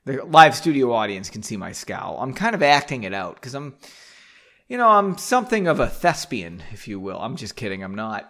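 A man's voice: mid-range voice, sing-song, moderate pace, fairly bright tone. A man hosting a casual podcast, reading his own book aloud with joking, self-deprecating tangents and frequent swearing, in a home basement.

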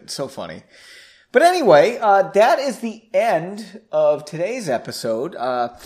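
Male podcast host, casual and self-deprecating, lively up-and-down voice, slightly high. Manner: self-deprecating, rambling, laughs at himself. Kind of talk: casual solo podcast chat. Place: home basement.

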